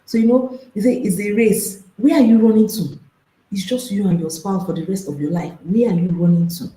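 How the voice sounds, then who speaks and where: Coach talking to a crowd, emphatic, repeats stuff, warm voice. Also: mid-range voice, fairly quick, reverberant, rough recording. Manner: emphatic, repeats phrases, rhetorical questions. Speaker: marriage and intimacy coach. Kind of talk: speaking to an audience.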